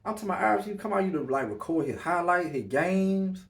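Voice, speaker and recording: A man's voice: sits high, lively intonation, quick pace. A man hosting a casual podcast, talking loosely with lots of slang and fillers. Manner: laid-back, loose slang, filler-heavy. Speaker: podcast host. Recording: voice a bit far from the mic.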